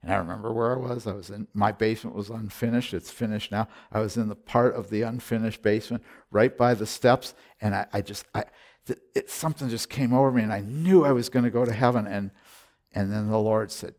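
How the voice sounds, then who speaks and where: A man preaching a sermon as pastor, telling a personal story and exhorting his congregation, moving between hushed, slow passages and loud emphatic declarations. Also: on the low side, gravelly.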